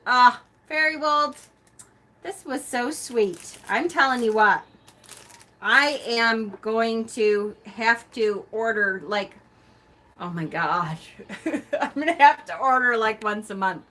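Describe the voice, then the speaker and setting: A woman hosting a casual live stream, a self-described loud talker who gushes and laughs often. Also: a little high, takes it slowly.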